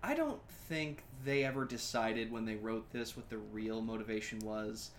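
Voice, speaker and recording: A man's voice: on the low side, animated, normal speed, slight background noise. A man co-hosting a podcast, offering dry, analytical remarks in casual chat.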